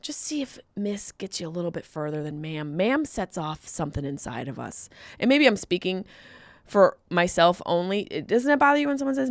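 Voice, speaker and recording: A woman comedian hosting her podcast, talking casually and jumping into high, loud exclaims. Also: normal speed. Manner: animated, jumps into high exclaims.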